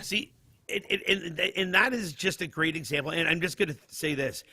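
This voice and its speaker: Bright, husky man co-hosting. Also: fairly high pitch, moderate pace. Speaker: podcast co-host. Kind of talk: casual chat.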